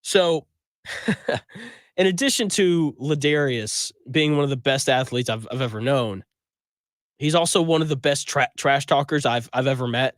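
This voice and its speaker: A man's voice: medium pitch, lively intonation, unhurried, no room sound. A man hosting a sports talk radio show, telling stories in a conversational, emphatic and opinionated way from a studio microphone.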